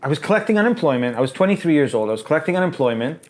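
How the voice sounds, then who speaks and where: A man in his thirties from Ontario, Canada, talks in a casual podcast chat. His voice sits a little high for a man. He tells his story with energy and acts out the other people's lines. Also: racing. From Canada, Ontario (Markham). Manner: animated storyteller, acts out quoted dialogue. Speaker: podcast co-host, realtor.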